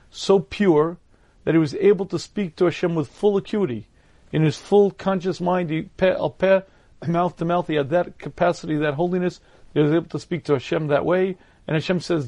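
Throat-clearing man giving a Torah lecture. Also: on the high side, a little mellow, no echo. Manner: measured, explanatory delivery.

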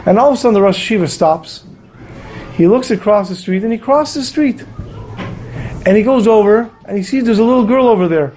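This man speaks in a high, animated voice at a fairly quick clip, slightly mellow, with a faint hiss or hum underneath. He's a rabbi giving his weekly Torah class, earnest as he tells stories and performs the quoted lines.

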